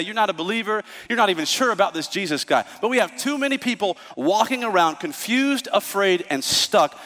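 A male pastor preaching a sermon, telling stories in an animated way and acting out the voices of the people in them. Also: sits high, long reverb tail. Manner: storytelling, animated, acts out voices. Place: church.

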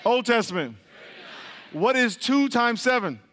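A man's voice: extremely high pitch, animated, measured pace, fairly bright tone, slight background noise. A man preaching to a congregation in call-and-response style, repeating his questions, drilling the crowd and laughing often. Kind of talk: call-and-response Bible teaching. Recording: long hall reverb.

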